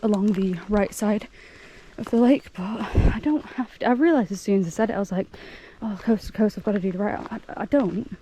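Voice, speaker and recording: A woman's voice: mid-range voice, a little fast, warm tone, slight background noise. A young woman chatting casually to camera as a hiking vlogger outdoors, rambling and laughing often.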